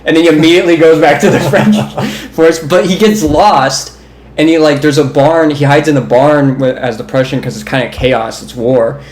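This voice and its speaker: A man's voice: on the high side, fairly even intonation, normal speed. Young man telling rambling, amused stories. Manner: rambling, amused storyteller who laughs as he talks. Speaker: podcast co-host. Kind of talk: casual chat. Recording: roomy echo.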